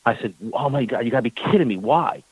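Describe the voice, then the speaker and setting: Brief: male talk-radio guest, lively storyteller, middle pitch, dry close mic. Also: fast, slightly rough, no echo, poor audio. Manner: animated storyteller, acts out quoted exchanges; repeats words when worked up. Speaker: team owner guest.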